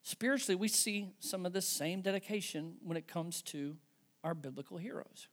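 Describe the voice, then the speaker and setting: A man's voice: high voice, moderate pace, a bit bright. A man preaching a conversational sermon to his church, emphatic and frequently checking in with "right?" and "okay". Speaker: pastor.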